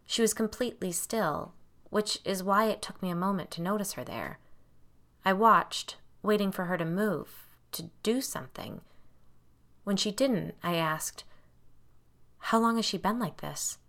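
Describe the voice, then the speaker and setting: A woman reading a first-person horror story aloud in a measured, hushed storytelling manner. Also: mid-range voice. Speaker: audiobook narrator.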